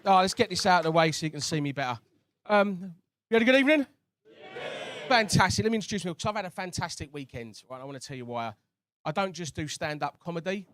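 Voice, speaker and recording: Man, stand-up comic, fairly high voice, chatty, teases the crowd, club stage mic. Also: expressive, quick pace, fairly bright tone. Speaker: stand-up comedian. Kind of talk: stand-up comedy set. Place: comedy club stage with a live audience.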